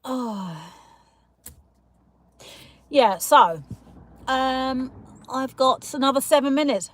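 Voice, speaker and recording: A woman's voice: high voice, expressive, drawn-out words, fairly bright tone. Chatty woman on a live stream. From Kent, south of England. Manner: chatty, teasing, laughs often, calls viewers darling. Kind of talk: casual live chat reading comments. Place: in a parked car.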